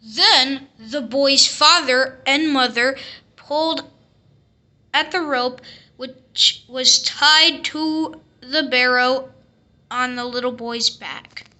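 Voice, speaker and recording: A woman reading a classic picture book aloud, telling the story slowly and expressively. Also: high-pitched, sharp tone. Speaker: storybook reader.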